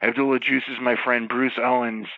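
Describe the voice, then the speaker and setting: A man telling rambling, profane wrestling stories in a casual chat, animated and quick to jump from one tangent to the next. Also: medium pitch, dry recording. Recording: slightly dull, dry sound.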